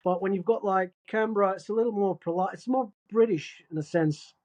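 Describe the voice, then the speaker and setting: A man's voice: high-pitched, fairly quick, a little mellow. A man chatting as a podcast guest, joking and slipping into put-on voices as he talks. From Scotland. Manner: jokey, puts on voices. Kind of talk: casual chat.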